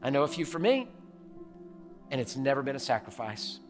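Impassioned pastor preaching in a reverberant hall. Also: male voice, mid-range voice, big pitch swings, normal speed, music in the background. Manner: impassioned, swings from loud to hushed. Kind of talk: sermon.

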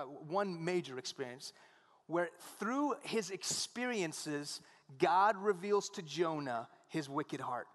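A man's voice: on the high side, fairly bright tone, in a large hall. A man preaching a conversational sermon, often asking his congregation "right?". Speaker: pastor.

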